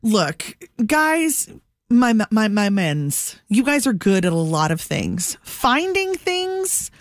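A woman co-hosting a morning radio show, telling a story in an animated way. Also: medium pitch, takes it slowly, no echo, clean studio sound. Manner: animated storytelling, laughing, acting out voices. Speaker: radio co-host. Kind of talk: casual morning radio banter.

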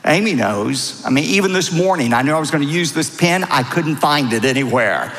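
A middle-aged pastor delivers a sermon in a church, his voice sitting a little high for a man. He swoops up and down with lively expression and acts out the people he quotes. The sound carries a long reverberant tail from the hall. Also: fairly quick.

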